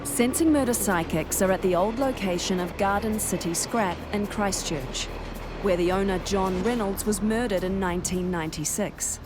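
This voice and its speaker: A woman giving scripted documentary narration in a measured, even way. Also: mid-range voice, background noise.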